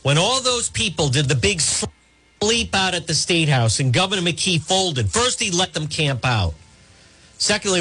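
A man's voice: high voice, sing-song, measured pace, pushed and bright, breathy edge. A man hosting a talk radio show, ranting in an emphatic, repetitive, sarcastic manner.

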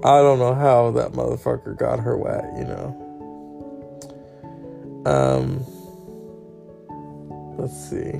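A man's voice: medium pitch, slow, creaky, pauses often, over music. A man hosting a podcast, rambling through a crude comedic monologue with mock outrage and lots of profanity. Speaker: podcast host.

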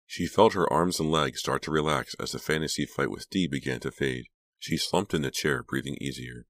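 A man narrating an audiobook in a measured storytelling manner. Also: a bass voice, a bit bright, no room sound. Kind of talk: scripted narration.

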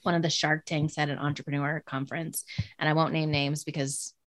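Lower-voiced chatty woman host. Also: a little fast, no echo. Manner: chatty and expressive, laughs often while sharing stories. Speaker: podcast host. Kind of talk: casual interview chat.

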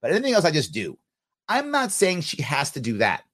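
A podcast host with a New York accent talks bluntly over speech clips. His pitch swings widely and sits a little high for a man. He talks with open scorn and keeps pushing his point. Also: wildly swooping pitch, a little fast, fairly bright tone.

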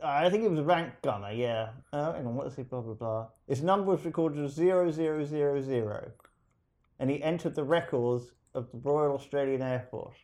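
A man's voice: medium pitch, brisk, darkish tone. A man co-hosting a casual chat, telling a rambling story with restarts and reading bits aloud.

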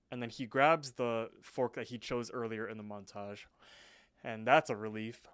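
A man's voice: medium pitch, clear, resonant tone, dry recording. A young man co-hosting a podcast, casually recapping a cartoon episode and briefly voicing its characters as he goes. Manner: retells scenes, voicing characters in quick impressions. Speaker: podcast co-host.

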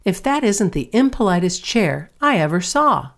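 A woman's voice: medium pitch, very animated, moderate pace, pitched above the performer's own voice. A woman reading aloud, voicing a friendly, wistful neighbour girl in a storybook. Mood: indignant. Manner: shy and wistful, then startled.

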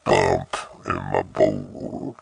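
A man voicing a naughty baby boy who soiled his diaper, his voice run through an electronic pitch-lowering modulator for a comedy podcast bit. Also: monotone, loud music behind the voice, full character voice. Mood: silly bragging. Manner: slow, gravelly, babyish boasting.

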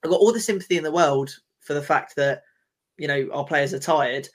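Man, podcast co-host, heated, swearing, slightly raised pitch. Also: a little fast. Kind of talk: casual football chat.

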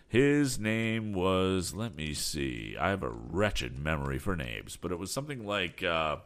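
A man's voice: low-pitched, big pitch swings, measured pace, a bit bright, heavily acted. A man reading an audiobook, voicing a polite, persuasive male business agent. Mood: coaxing. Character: smooth persuasive middle-aged male agent.

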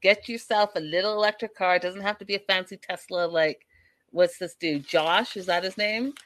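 Chatty woman recapper, lowish voice, dry close mic, talks right to her viewers. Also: steady tone, normal speed, a bit bright, dry recording. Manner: gossipy, addresses viewers directly. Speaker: reality TV recap vlogger.

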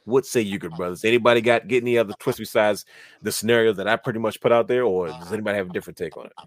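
A man hosting a casual wrestling podcast, talking in animated, rambling runs and laughing often. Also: on the low side, rapid-fire, no echo. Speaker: podcast host.

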